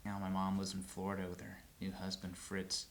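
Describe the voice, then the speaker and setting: A man's voice: sits low, completely flat delivery, brisk, echoey room, a little hiss or hum. A young man playing a flustered patient in a comedy short, rambling and stammering. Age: young adult. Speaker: actor in a student comedy film.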